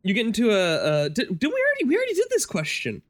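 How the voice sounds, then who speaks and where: A man's voice: high-pitched, wildly swooping pitch, fast, fairly bright tone. A man hosting a podcast, chatting casually and laughing easily. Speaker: podcast host. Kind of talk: casual chat.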